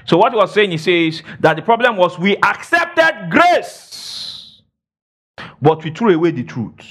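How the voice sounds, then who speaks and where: A man preaches a sermon and teaches the Bible in a very animated, fairly bright voice, speaking a little slowly. He's emphatic, swooping between high and low, asking the congregation questions and filling his talk with "praise God" and "all right".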